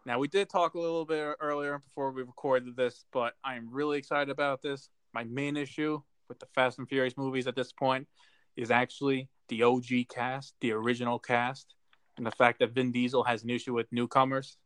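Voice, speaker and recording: A man's voice: mid-range voice, level tone, normal speed, fairly bright tone, clear, resonant tone, no echo. A man co-hosting a casual movie chat, talking with enthusiasm and plenty of fillers. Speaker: podcast co-host.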